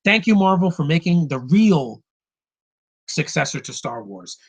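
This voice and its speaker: A man reviews films in an excited, ranting monologue. His voice is husky and sits a little high, and he swears freely and acts out bits of dialogue. He swings between loud outbursts and quieter grumbling. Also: unhurried. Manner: excited, animated, swears, acts out film lines. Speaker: film reviewer.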